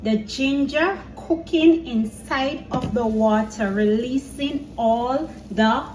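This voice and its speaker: A woman's voice: sits high, slow, darkish tone, a little hiss or hum. A woman with a Jamaican accent, chatty and teasing, talking viewers through a recipe in her home kitchen. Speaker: cooking vlogger. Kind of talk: casual cooking chat. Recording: echoey kitchen, mic a bit far.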